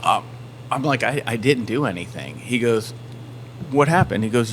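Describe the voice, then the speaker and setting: A man's voice: medium pitch, normal speed, a little hiss or hum. A man from the Southern United States, a band member telling a story on a podcast and acting out everyone's lines. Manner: animated storyteller acting out quotes.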